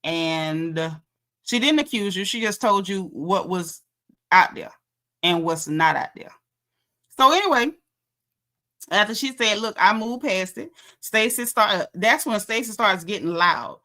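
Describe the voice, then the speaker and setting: A woman's voice: medium pitch, expressive, unhurried, sharp tone. A woman giving a sassy, slangy recap of a reality show episode, gossiping and calling out the cast.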